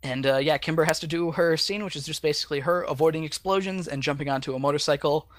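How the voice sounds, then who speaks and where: A man's voice: fairly high pitch, quick pace, slight background noise. A man co-hosting a podcast, recapping a cartoon episode in a rambling, laid-back way with frequent fillers and laughs. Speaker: podcast co-host.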